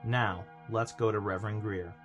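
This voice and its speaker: A man reading a scripted podcast introduction in a measured way, spelling things out. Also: lowish voice, steady tone, fairly bright tone, slightly rough. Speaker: podcast announcer. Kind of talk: scripted announcement. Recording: guitar music under voice. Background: guitar music.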